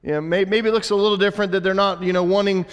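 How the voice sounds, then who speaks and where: A man's voice: high-pitched, fairly even intonation, rapid-fire, smooth, long reverb tail. A man giving a conversational sermon as a pastor, with frequent restarts and asides.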